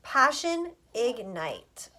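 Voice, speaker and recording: A woman's voice: a little high, very animated, very slow, pushed and bright. A woman giving a casual tarot reading for her viewers, chatty and scattered, swearing freely as she talks. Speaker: astrologer and tarot reader.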